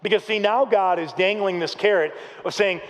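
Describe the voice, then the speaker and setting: A man's voice: high-pitched, moderate pace. A man in his thirties preaching a sermon, telling stories with humor and acting out the people he quotes. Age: 30s. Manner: lively storytelling, acts out quotes, jokes with the congregation. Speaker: pastor. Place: church auditorium, live service. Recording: long reverb of a large hall.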